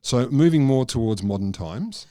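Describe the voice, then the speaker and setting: A middle-aged man recounts odd history on a podcast in a dry, deadpan way. His voice sits at an ordinary middle pitch, and the sound is close and dry, with no room around it. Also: normal speed, no echo. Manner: deadpan, dry jokey storytelling. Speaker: podcast co-host telling the history. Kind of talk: casual comedic science chat.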